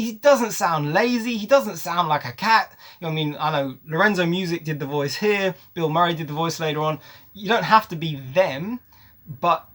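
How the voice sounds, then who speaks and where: A man reviews a movie in a casual, opinionated rant. His voice sits a little high, and he hammers his points home by repeating them. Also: a bit bright. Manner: emphatic, ranting, repeats words for stress.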